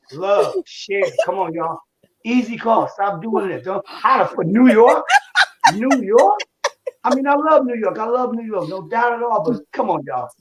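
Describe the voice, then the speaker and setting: A male comedian ranting with mock anger and heavy profanity, doing stand-up into a video call. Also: sits high. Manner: mock-angry, profane, loud rants. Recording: echoey room with faint noise.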